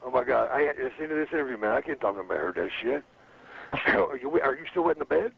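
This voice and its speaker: A man's voice: medium pitch, animated, fast, creaky, slightly rough. A man telling rambling, profane anecdotes as an interview guest, slipping into quoted voices. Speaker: interview guest, former wrestler. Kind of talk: storytelling in a casual interview. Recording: slightly muffled with faint noise.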